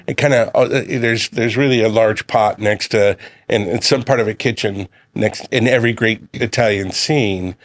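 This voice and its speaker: A man's voice: fairly low pitch, moderate pace, no echo. A middle-aged man, a chef guest on a radio show, telling a long family story at an easy pace. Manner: relaxed storyteller, quotes his sons and himself. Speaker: guest, chef and community leader. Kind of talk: casual chat.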